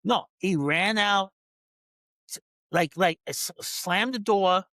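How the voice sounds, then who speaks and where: A man's voice: high-pitched, takes it slowly, sharp tone, no room sound. A man who works as a dog trainer, a podcast guest telling a story in casual talk, full of restarts, who acts out other people's lines. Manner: frequent restarts and repeated words.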